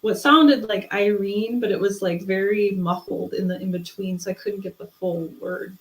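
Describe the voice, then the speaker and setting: A woman's voice: medium pitch, fairly even intonation, moderate pace, reverberant, low-quality recording. A woman, an interview guest, telling a personal story in casual chat and acting out the voices she quotes. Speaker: interview guest, spiritual medium.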